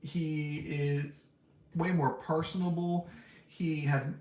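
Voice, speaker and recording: A man's voice: on the high side, level tone, slow pace, a little mellow. A man hosting a podcast, giving casual, candid movie reviews in a rambling way and laughing often. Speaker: podcast host reviewing films. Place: seated indoors. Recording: roomy echo, faint background hum.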